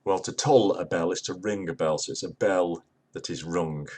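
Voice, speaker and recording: Low husky older Englishman lecturing. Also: normal speed, a little mellow. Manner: dry, explanatory, retells jokes with acted voices. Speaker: lecturer on humour. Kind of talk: spoken lecture.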